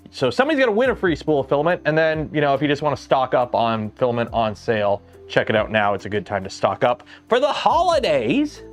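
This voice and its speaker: A man with a Canadian accent hosting a livestream in a chatty, jokey, rambling way. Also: on the high side. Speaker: streamer host. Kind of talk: casual livestream chat.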